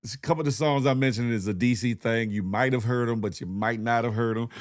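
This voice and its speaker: A man's voice: medium pitch, fast talker. A man hosting a morning show, giving playful, laughing comedic commentary. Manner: playful, laughing, slips into impressions.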